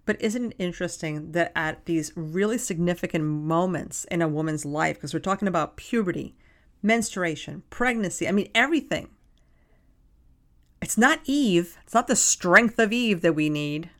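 A woman's voice: lowish voice, lively intonation, normal speed. A woman co-hosting a podcast in casual chat, speaking emphatically and acting out quotes. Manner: emphatic, acts out quotes in a hushed voice. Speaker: podcast co-host.

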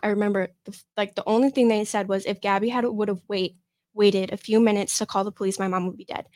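A young woman from Michigan, a podcast guest telling a personal story in a halting way, with many fillers and restarts. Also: mid-range voice, darkish tone, no echo. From Michigan, USA.

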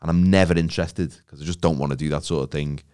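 A man's voice: extremely low pitch, fairly even intonation, quick pace, a little mellow, clean tone. A man, telling stories with jokes and acting out the voices in a casual podcast chat. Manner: jokey storytelling, acts out quotes. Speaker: podcast co-host.

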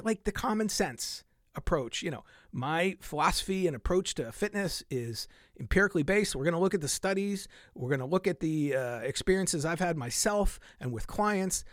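A middle-aged man hosting a fitness podcast in a casual monologue, animated, laughing often and dropping into soft asides. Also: sits high, no room sound, clean studio sound.

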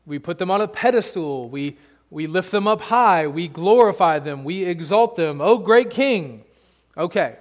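A man's voice: fairly high pitch, lively intonation, moderate pace, long reverb tail. A man pastor preaching a sermon, conversational and emphatic, with rhetorical questions to the congregation.

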